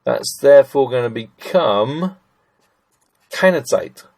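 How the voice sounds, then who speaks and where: A middle-aged man teaches German grammar on a screen recording, his medium-pitched voice expressive, gravelly, and a little mellow as he takes it slowly. He's chatty, reasons aloud through sentences, and calls his audience ladies and gents.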